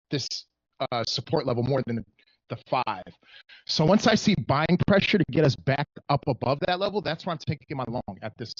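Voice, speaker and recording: A man's voice: on the high side, dry recording. A man in a casual trading livestream, walking through his chart loosely and swearing now and then. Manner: loose, swears freely, thinks aloud. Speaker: day trader sharing his chart. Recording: dull lo-fi dry call audio.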